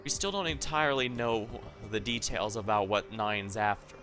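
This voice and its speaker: A man's voice: fairly low pitch, moderate pace, music in the background. A man streaming a game, chatting casually in a rambling, self-correcting way full of asides. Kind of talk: casual gameplay commentary.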